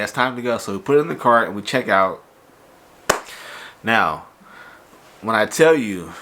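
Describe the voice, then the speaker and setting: A man hosting a casual toy unboxing vlog, sounding stuffy and nasal from allergies, telling his story in an animated, exasperated way. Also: lowish voice. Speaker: toy collector vlogger.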